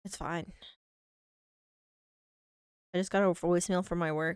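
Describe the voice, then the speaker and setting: A young woman game streamer rambles casually from home, playing up little mock-whiny complaints and poking fun at herself. Her voice sits low for a woman and has a gravelly fry to it. The sound is dry, with no room echo. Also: fairly even intonation, measured pace, pauses often, a little mellow. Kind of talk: casual live-stream chat.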